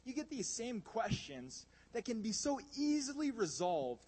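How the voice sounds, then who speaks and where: A man preaching a sermon, animated and emphatic, swinging between loud bursts and hushed asides. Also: very high-pitched, a little slow, breathy edge.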